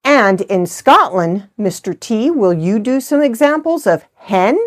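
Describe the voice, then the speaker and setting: A woman's voice: a little high, big pitch swings, measured pace. A middle-aged woman hosting a crafting vlog, chatting in a rambling, good-humored way. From United States. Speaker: host of a knitting channel. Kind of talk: casual chat.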